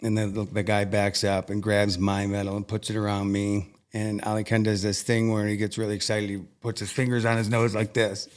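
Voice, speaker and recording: A man's voice: fairly low pitch, flat delivery, fairly quick, hardly any pauses. A man, a podcast guest, telling a personal story in an earnest, emotional way, often restarting his sentences.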